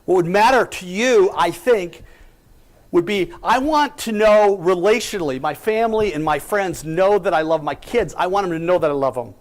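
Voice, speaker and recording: A man's voice: high-pitched, moderate pace. Storytelling man with a raised voice. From United States. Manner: storytelling, rhetorical questions, emphatic. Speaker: company president giving a talk. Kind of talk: inspirational speech.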